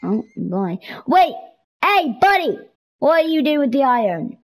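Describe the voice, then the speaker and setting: A young woman chats her way through a video game on a headset mic. Her voice sits a little high and swoops widely as she squeals, pleads and bargains with the characters on screen. Between the outbursts she talks at an easy, drawn-out pace. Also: very animated, poor audio. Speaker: gameplay streamer. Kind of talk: casual gaming commentary. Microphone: headset or console mic.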